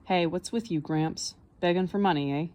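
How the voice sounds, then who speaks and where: A woman reading the part of an irritable, arrogant young woman in an audiobook, snapping sharp retorts. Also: on the low side, normal speed, natural voice. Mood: scornful.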